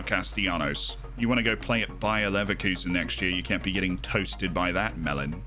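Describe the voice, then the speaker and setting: A young man doing excitable live commentary while streaming a game, jokey and quick to shout and cheer. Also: sits low, music in the background.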